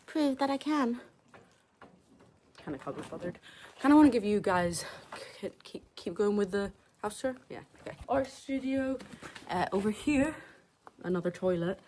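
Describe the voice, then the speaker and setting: Brief: excitable woman, rambling vlog talk, handheld camera outdoors, faint background noise. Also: mid-range voice. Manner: chatty, rambling, excitable, slangy. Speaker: vlogger. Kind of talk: casual vlog narration while exploring. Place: outdoors at a ruined castle, rainy.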